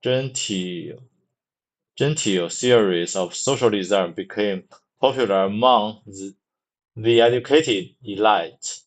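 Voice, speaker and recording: A man reads aloud at a very slow, careful pace, stumbling and saying words over several times. His voice sits on the low side. He sounds like someone practicing English pronunciation. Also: low-quality recording. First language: Mandarin. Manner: halting, repeats words many times, restarts.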